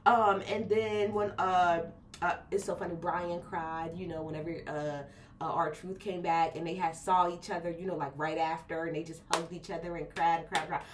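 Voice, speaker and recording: A woman's voice: lowish voice, fairly even intonation, normal speed, a little hiss or hum. A woman reviewing a wrestling show in a casual, blunt and profane video rant, full of slang.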